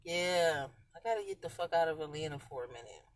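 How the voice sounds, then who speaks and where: A woman chatting casually on a live stream from her parked car, slangy and swinging between loud and quiet. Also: low-pitched, animated, a little fast. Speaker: vlogger talking live to viewers.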